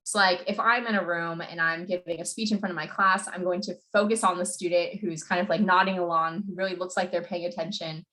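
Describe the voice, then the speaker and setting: A young woman coaching on public speaking in a casual talk, speaking quickly with many fillers. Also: on the low side, steady tone, sharp tone. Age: young adult. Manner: fast-talking, many "like" and "you know" fillers.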